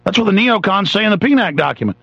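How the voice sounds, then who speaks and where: An irate radio host tears into his listeners, his voice gravelly and pitched a little high. He sneers and mocks as he rants. The sound is dry and dull, like an old radio broadcast. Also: lively intonation, fast talker, fairly bright tone, no echo. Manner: angry, sarcastic, mocking voices of others. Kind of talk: ranting political talk radio monologue.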